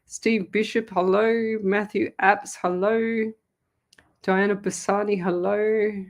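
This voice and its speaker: A middle-aged Australian psychic medium chats casually with viewers on a live stream from her desk at home in front of a camera. She speaks slowly in a mid-range voice with fairly even intonation, laughs often, and talks to her pets.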